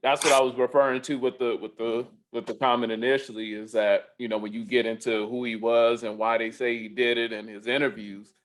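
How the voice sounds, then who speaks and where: A man hosting a podcast interview, talking in a relaxed, loose way and laughing easily. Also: mid-range voice, a little fast, hardly any pauses, low-quality recording. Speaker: podcast host. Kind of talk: casual interview chat.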